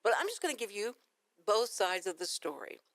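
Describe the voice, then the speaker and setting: A woman's voice: mid-range voice, very animated, fairly quick, fairly bright tone, no room sound. A woman with a Texan accent hosting a casual morning radio talk show, rambling through stories and laughing easily. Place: radio studio. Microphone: studio microphone.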